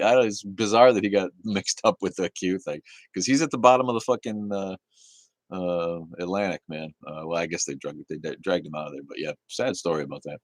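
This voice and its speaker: A man's voice: deep voice, brisk, dry recording. A man hosting a casual livestream, reading chat aloud in a laid-back, easygoing way, cursing casually and laughing often.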